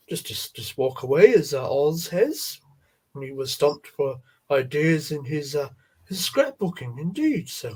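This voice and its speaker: Man, stream host, husky, lively pitch, gentle meandering chat full of fillers. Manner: halting, many fillers and repeats, gentle folksy tone. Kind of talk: casual chat about toy card art.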